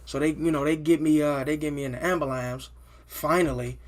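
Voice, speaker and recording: A man recounting a personal story to his viewers in a loose, unscripted way. His voice sits a little high for a man. He swears freely, trips over restarts and keeps checking in with his listeners. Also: steady tone, brisk. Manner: loose and profane, with many restarts and "you know what I'm saying" tags. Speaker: vlogger telling a personal story. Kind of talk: casual storytime monologue.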